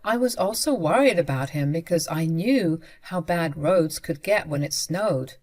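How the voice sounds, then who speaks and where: A woman's voice: lowish voice, expressive, measured pace, a little mellow. A young adult woman narrating a first-person story in a conversational way, speaking directly to her listeners.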